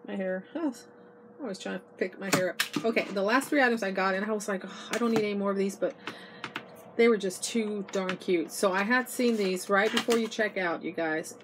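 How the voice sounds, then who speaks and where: A woman's voice: mid-range voice, moderate pace. Middle-aged woman losing her voice, gushy haul chat in an rv, noisy ipod recording. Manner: chatty and gushing, addresses viewers as "you guys". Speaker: vlogger. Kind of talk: casual haul video chat. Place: inside an RV. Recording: noisy home video.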